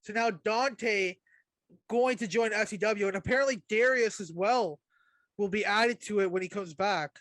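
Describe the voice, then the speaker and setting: A man's voice: high-pitched, normal speed, a bit bright, dry recording. A young man co-hosting a casual wrestling podcast, talking loosely with hesitations and the odd curse. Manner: casual, hesitant with fillers, swears. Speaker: podcast co-host.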